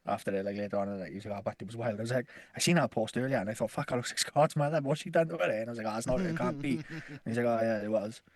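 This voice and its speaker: A man spinning a long, profane yarn, laughing through it. His voice sits at an ordinary pitch and sounds close and dry, with no room around it. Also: racing, hardly any pauses, no room sound. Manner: rambling, swears constantly, laughs through stories. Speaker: podcast co-host. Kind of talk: casual storytelling chat.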